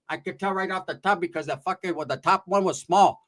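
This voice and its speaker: A man telling a comic story in an animated, profane, slangy way. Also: sits high, a little fast. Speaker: comedian storyteller.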